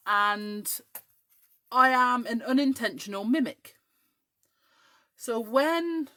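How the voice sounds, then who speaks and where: This forties-something crafter from the west of Scotland talks casually through her show in an English accent with a slight Scottish twang. She chats and rambles, dropping lots of ums as she works. Her voice is fairly high and a bit bright.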